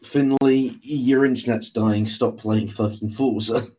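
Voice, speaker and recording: A man's voice: mid-range voice, fairly even intonation, measured pace, warm tone, breathy edge. Young guy, podcast co-host, dry and teasing. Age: young adult. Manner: dry, teasing, laughs often. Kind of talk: casual chat among friends. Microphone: online voice call.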